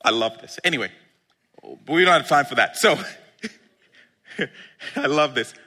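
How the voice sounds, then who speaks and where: An excitable male pastor preaching a sermon, laughing as he goes and leaning into drawn-out words. His voice is bright and swings widely in pitch, though he takes his time. It rings through a large reverberant church hall.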